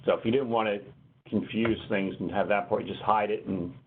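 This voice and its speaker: A man presenting a technical webinar, talking through software steps on screen in a conversational, explanatory way. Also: on the low side, steady tone, normal speed. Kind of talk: conversational software demo walkthrough. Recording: tinny phone-line webinar audio, faint noise.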